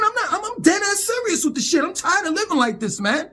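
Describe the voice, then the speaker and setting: A man vents in a fiery, profane monologue and keeps tripping over repeated words. His voice sits high and leaps all over the place. He sounds worked up and blunt. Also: sing-song, fast, pushed and bright. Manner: heated, profane, stammering repetitions. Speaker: vlogger. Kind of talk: angry monologue rant.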